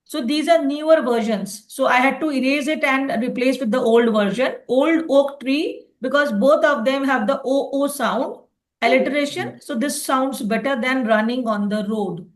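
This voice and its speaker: A woman's voice: high voice, moderate pace. A woman teaching a phonics lesson online, explaining patiently and checking in with "okay" often.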